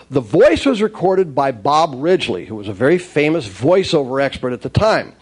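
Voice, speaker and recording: A man telling wry, lively stories from his career in the toy business, acting out the dialogue as he goes. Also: fairly high pitch. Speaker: speaker recounting his toy industry career. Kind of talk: anecdotal storytelling talk.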